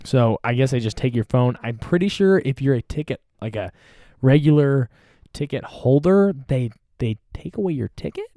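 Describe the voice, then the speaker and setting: A man's voice: mid-range voice, lively intonation, normal speed, dark tone, dry recording, clean studio sound. A man hosting a podcast, talking on his own in a chatty, playful way and joking about himself. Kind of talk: casual solo talk.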